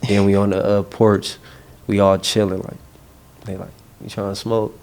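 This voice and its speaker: A young male rapper from Los Angeles, speaking in a lowish voice at normal speed, tells slangy, rambling stories during a casual interview. His delivery is animated street storytelling.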